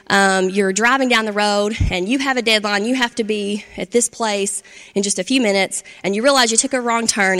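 A woman's voice: medium pitch, a bit bright. Woman teaching parents in a reverberant hall. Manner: conversational, checks in with "right?" and "okay?". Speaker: parenting instructor. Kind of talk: instructional talk to adults.

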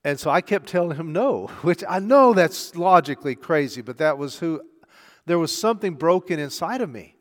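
A middle-aged man preaching a sermon, telling a story conversationally and moving between hushed and loud delivery. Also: a little high, expressive, moderate pace. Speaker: pastor. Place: church sanctuary. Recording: long church hall reverb.

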